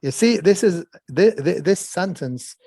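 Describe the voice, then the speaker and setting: An interpreter talks slowly and carefully, with a lot of "uh"s. His voice sits a little high for a man. The recording is dry and close, with no room sound. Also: expressive, dark tone, no room sound. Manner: measured, hesitant, many fillers. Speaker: interpreter discussing Arabic text. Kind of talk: conversational language breakdown.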